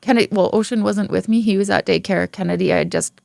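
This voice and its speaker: A woman guest on a podcast, telling her story frankly and candidly, swearing freely, with halting restarts. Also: mid-range voice, creaky, darkish tone, dry recording. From Ontario, Canada.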